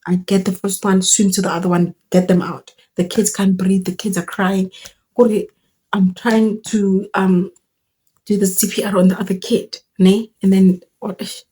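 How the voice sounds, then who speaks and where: A young woman tells a story in an animated, exclaiming way. She uses slang and mixes local words into her speech. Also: mid-range voice, unhurried, slightly rough. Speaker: vlogger telling a story. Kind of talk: storytime vlog.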